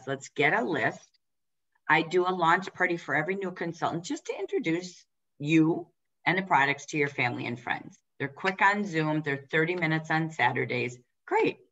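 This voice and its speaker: Low voiced woman coaching sales leaders over a video call, direct and punchy, lots of quick questions, kinda dull muffled audio. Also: fairly bright tone. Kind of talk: training talk to team leaders.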